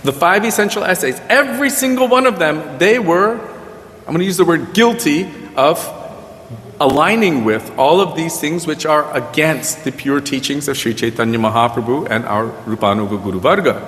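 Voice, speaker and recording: A man's voice: on the high side, lively intonation, normal speed, fairly bright tone. A man teaching a group at a devotional gathering, telling stories and quoting his guru with emphatic rises. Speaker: spiritual teacher. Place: Vrindavan. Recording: livestream with long hall reverb.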